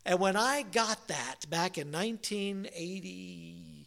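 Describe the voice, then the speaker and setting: A man's voice: high-pitched, measured pace, creaky, fairly bright tone. A middle-aged male pastor preaching a sermon, telling a folksy, rambling story with many restarts.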